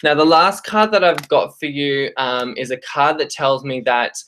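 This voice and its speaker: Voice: mid-range voice, moderate pace, a bit bright. Australian tarot reader, chatty and hesitant. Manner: friendly, hesitant with frequent ums and restarts. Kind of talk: live-streamed tarot reading, chatting with viewers.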